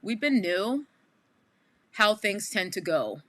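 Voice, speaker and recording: Woman, New York accent, bright-toned livestream host, loose and conversational. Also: mid-range voice, sing-song, takes it slowly, no room sound. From Queens, New York. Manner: chatty, addresses viewers as y'all, frequent asides. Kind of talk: casual livestream chat. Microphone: headphones with mic.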